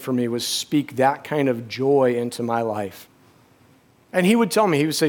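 A middle-aged man preaching a sermon, telling a personal story with halting restarts and dropping to a hush. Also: medium pitch, animated.

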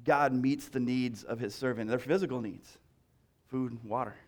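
A man's voice: mid-range voice, moderate pace. A male pastor preaching a sermon in a conversational way, repeating key lines and restarting phrases as he talks.

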